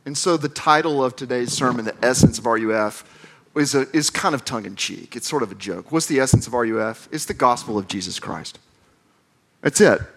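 A man in his forties from the American South, a campus minister, preaches a conversational sermon built on storytelling and self-deprecating humor. His voice is medium-pitched and fairly quick, with slight background noise.

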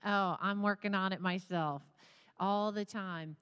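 A woman's voice: mid-range voice, fairly even intonation, a little slow, a bit bright, clear, resonant tone. A woman therapist speaking to a church congregation in an earnest, teary, conversational way. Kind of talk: sermon talk. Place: large church sanctuary. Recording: long hall reverb.

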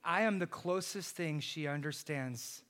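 A man in his thirties delivers a sermon with a high, bright voice. He preaches with real passion, climbing to shouted peaks, then drops to soft, tender lines. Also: a little slow. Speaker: pastor.

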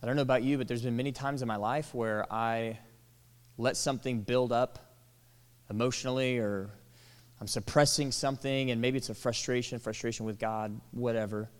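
A man preaching a sermon, animated, acting out quoted lines and dropping to soft, tender tones. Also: mid-range voice, moderate pace, clear, resonant tone. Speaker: pastor. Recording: long hall reverb.

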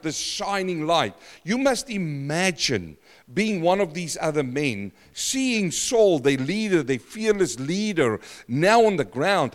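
A man preaching a sermon, animated and repeating phrases for emphasis. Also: sits high, big-room sound.

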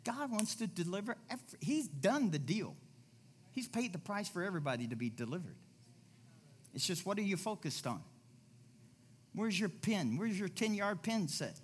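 A man preaching in a loose, conversational way, his voice leaping up high and then dropping to quiet low asides. He repeats key phrases for emphasis and drifts into chatty stories between points. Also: normal speed, long pauses, slight background noise. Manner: animated, repeats phrases, swings between loud and soft. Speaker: pastor. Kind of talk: conversational sermon.

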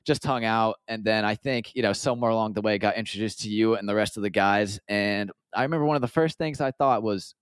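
A man's voice: on the low side, a little fast, hardly any pauses, clean tone, dry recording, clean studio sound. Upbeat young American man telling stories. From United States. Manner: upbeat, storytelling, drops quoted asides. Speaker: podcast guest. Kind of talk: casual chat.

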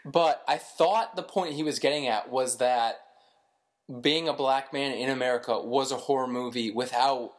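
A woman co-hosting a podcast in casual chat, dry and laid-back with quick interjections. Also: rumbling low. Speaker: podcast co-host.

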